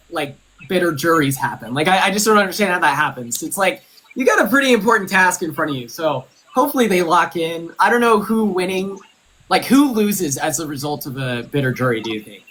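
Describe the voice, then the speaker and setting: Man, high bright voice, animated casual chatter, former contestant. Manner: animated, emphatic, swears casually. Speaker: former reality show contestant and superfan. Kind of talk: casual live-stream chat.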